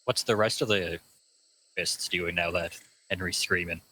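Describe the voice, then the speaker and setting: Man, game player, casual, lowish voice, faint background noise. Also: fairly even intonation, measured pace, pushed and bright, low-quality recording. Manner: casual, fumbling for words. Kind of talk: playing a tabletop game.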